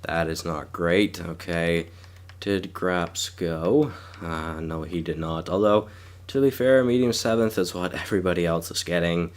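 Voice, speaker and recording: Low-voiced sick young man thinking aloud. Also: a little slow. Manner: thinking aloud, hesitant, stumbles over names. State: sick, sore throat. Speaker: gaming YouTuber. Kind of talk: casual game commentary.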